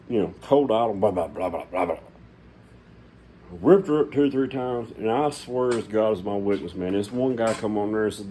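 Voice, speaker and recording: A middle-aged man with a drawl rambles in a blunt, folksy way to his channel's viewers. His voice is mellow and dark, with a faint hum of room sound behind him in his shop. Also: mid-range voice, rough recording. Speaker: channel host. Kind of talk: casual talk to camera.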